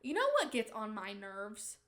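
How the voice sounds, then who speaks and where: A woman's voice: mid-range voice, big pitch swings, measured pace, fairly bright tone. A woman hosting a podcast in casual, rambling chat, giggly, with playful mock-indignant rants. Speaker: podcast host.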